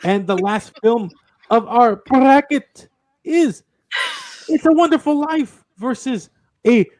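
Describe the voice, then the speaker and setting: A man's voice: extremely high pitch, slow pace, a little mellow, dry recording. A man moderating a holiday movie bracket in a casual podcast chat, announcing in a mock-formal, regal manner. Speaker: tournament moderator, self-styled lord.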